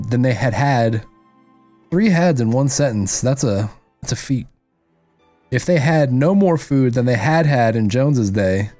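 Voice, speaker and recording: A man hosting a podcast, reading a novel aloud at a measured pace and breaking off for loose, profane comments. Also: medium pitch, dark tone. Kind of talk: book reading with casual commentary.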